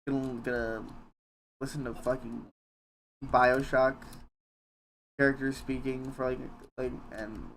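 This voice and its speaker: A young man streaming a game from home, chatting casually in a rambling, halting, self-deprecating way with some swearing. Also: medium pitch, level tone, fairly bright tone, a little hiss or hum. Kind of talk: casual live-stream chat while gaming.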